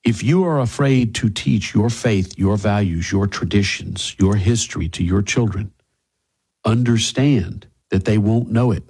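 Husky talk radio host. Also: male voice, fairly low pitch, unhurried, darkish tone. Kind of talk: talk radio monologue and ad read.

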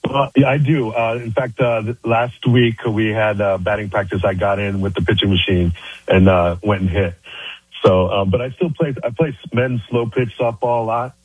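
A man, a high school baseball coach, talking relaxed as a radio guest. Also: moderate pace, breathy edge, no echo, rough recording. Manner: relaxed, hesitant with fillers. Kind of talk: casual radio interview.

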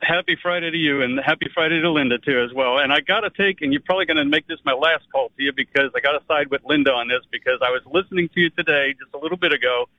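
Friendly caller on a dull phone line. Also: male voice, on the high side, fast talker, hardly any pauses, no echo. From Pennsylvania. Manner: friendly, hesitant. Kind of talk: phone-in radio call.

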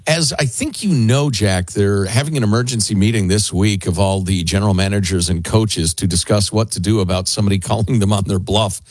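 A man hosting a talk radio show, chatting casually in a sarcastic, deadpan way. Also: on the low side, fairly quick, few pauses, no echo.

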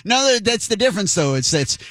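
A man working as a radio news anchor, joking around with quick laughing asides and reading news items. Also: high-pitched, sing-song, a bit bright, dry recording. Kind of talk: casual banter and news reading. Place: radio studio. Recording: music bed behind voice.

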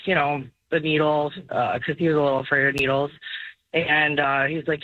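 A woman's voice: deep voice, fairly quick, no echo. Woman caller on a tinny phone line. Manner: animated, laughing storyteller. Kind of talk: phone-in storytelling.

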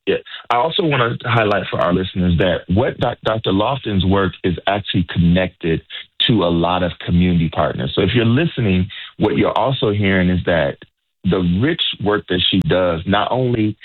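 A man's voice: deep voice, normal speed, slightly rough. A man hosting a health-focused radio call-in show, enthusiastic and encouraging, often repeating himself as he speaks. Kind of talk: casual radio talk. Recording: phone-like narrow sound.

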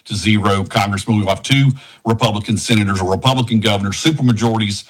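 A man's voice: fairly low pitch, fast talker. A man from Tennessee, a congressional candidate, speaking emphatically as a radio guest. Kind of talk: campaign interview on radio.

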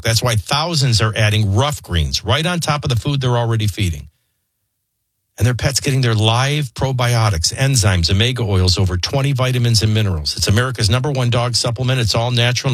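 Husky-voiced man hosting morning radio. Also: medium pitch, fairly bright tone, no echo. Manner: earnest, persuasive. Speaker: morning radio show host. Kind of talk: host-read radio ad. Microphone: dry studio microphone.

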